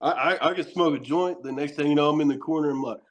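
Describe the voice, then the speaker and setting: A man's voice: a little high, fast talker. A middle-aged man with a Tennessee accent, telling rambling, profane stories with laughs in a casual podcast chat. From Knoxville, Tennessee. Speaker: horror host and wrestler.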